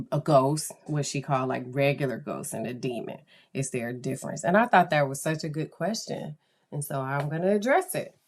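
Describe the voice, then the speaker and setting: Low-voiced woman podcast host. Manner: chatty, animated, acts out quoted voices. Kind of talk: casual podcast talk.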